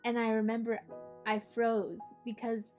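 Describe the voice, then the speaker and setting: Young adult woman, higher pitch, casual personal storyteller who talks in a loose, filler-heavy way over faint music. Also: little pitch movement, a little slow, a little mellow. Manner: casual, with many fillers like "like" and "you know". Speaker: art project host and storyteller.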